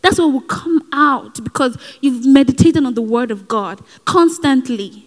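A woman's voice: high voice, a little slow. A woman preaching a sermon in an earnest, exhorting way, with personal asides. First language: not given. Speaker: speaker at a Christian gathering. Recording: hall with long reverb.

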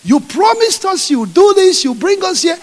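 A man playing a crowd of complaining Israelites in a sermon, shouting and whining. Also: very high-pitched, wildly swooping pitch, normal speed, pitched above the performer's own voice, heavily acted. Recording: echoey hall.

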